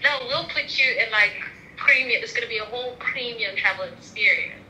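A woman sharing news in an excited, upbeat way. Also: fairly high pitch, fairly quick, slight background noise, low-quality recording.

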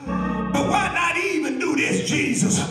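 A preacher doing a sly, coaxing Satan. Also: male voice, very high voice, a little slow, voice pushed up. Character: Satan tempting a hungry Jesus, sly and coaxing. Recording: echoey church from far off with music.

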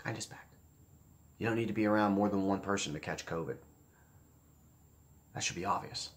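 A man's voice: deep voice, a little fast. A man giving casual commentary, blunt and profane, with a sarcastic edge, often repeating phrases for emphasis. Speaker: political commentator.

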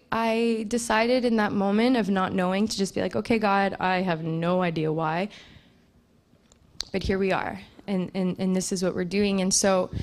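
A young woman giving an earnest, emotional church testimony, full of fillers and restarts. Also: medium pitch. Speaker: missions trip speaker at church. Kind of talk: personal testimony talk.

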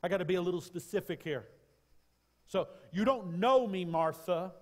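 A confident, playful Jesus, put on by a man preaching, speaks loosely and teasingly in a fairly high voice. The long reverb of a church hall rings around each line. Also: moderate pace, a little mellow, lightly acted.

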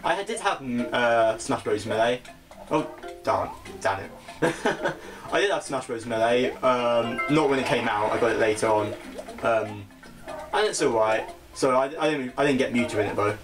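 A young British man chatting casually as he plays a video game, self-mocking and quick to laugh at his own slips. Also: medium pitch. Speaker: gaming channel host. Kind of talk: casual let's-play commentary. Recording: game music playing behind the voice.

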